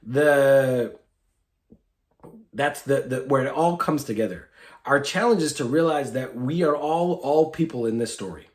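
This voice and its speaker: A man giving a brief weekly sermon, retelling a story in a lively, informal way with fillers, recorded in an echoey room. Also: medium pitch, unhurried. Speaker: clergy giving a weekly Torah talk. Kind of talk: short sermon, conversational storytelling.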